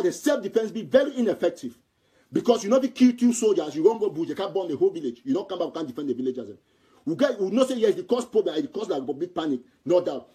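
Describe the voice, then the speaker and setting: A man's voice: high voice, mellow, slightly rough. A man from Southern Cameroon speaking Cameroonian Pidgin English, giving an impassioned political commentary in a heated, repetitive way.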